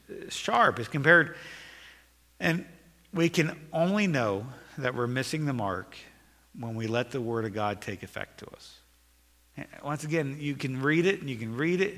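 A man's voice: mid-range voice, bright, forceful tone, long reverb tail. A man preaching a sermon as pastor, earnest and repeating phrases for emphasis, in a church sanctuary.

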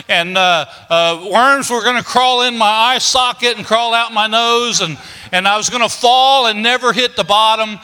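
A man's voice: sits high, sharp tone, smooth. An older man, preaching a storytelling sermon in a folksy, homespun way, with many "uh" fillers. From Kentucky, United States. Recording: long reverb of a large hall.

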